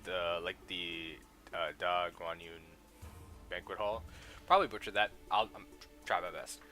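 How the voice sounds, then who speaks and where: A young man talks through a live game reaction in a loose, rambling way, full of fillers as he reads the dialogue aloud. His voice sits very low but comes across bright and forward. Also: steady tone, a little slow, soft background music. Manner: casual, rambling with frequent "like" fillers.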